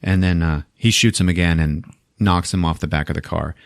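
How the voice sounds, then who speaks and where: A man hosting a podcast, recapping a movie in a casual, profane, animated way and laughing often. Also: low voice, brisk, vocal fry, no echo, studio quality. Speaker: podcast host.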